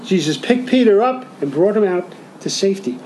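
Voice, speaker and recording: This pastor has a high voice with a darkish tone and lively intonation, preaching a little fast. He addresses the congregation conversationally, asking question after question, on a poor recording with faint background noise.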